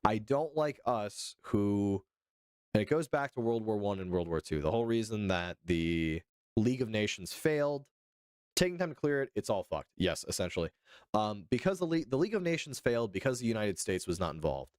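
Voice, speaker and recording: A man's voice: fairly low pitch, lively intonation, moderate pace, darkish tone, clean tone, dry recording, studio quality. A young man from Arizona hosting a casual political livestream, chatting with viewers and reading articles aloud with loose, profane asides. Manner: loose, profane, chatty, answers chat by name.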